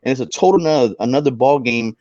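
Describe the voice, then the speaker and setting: A man's voice: mid-range voice, quick pace, no room sound, dull audio. A man, a paranormal investigator, telling a story on a talk show, with lots of restarts. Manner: animated storyteller with many restarts.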